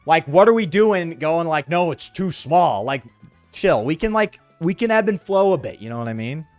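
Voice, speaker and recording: A man's voice: a little high, animated, moderate pace, a little mellow, dry recording, soft background music. A young man streaming a game, rambling sarcastically with his chat in slangy, offhand talk. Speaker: gaming streamer. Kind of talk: casual let's-play commentary with chat.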